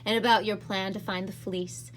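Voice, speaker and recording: Lady reading as a smooth smug teen bad guy, mocking, persuading, faint hiss in the back. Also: medium pitch, steady tone, normal speed, natural voice. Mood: taunting. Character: smooth, scornful teenage boy villain.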